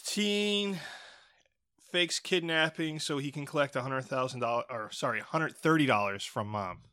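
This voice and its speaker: A man hosts a loose podcast conversation with a deadpan, teasing humor, his asides sinking into low mutters. His voice sits in an ordinary middle range. The sound is close and dry, with no room around it. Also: normal speed, clear, resonant tone, dry recording. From New England. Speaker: podcast host. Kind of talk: casual chat.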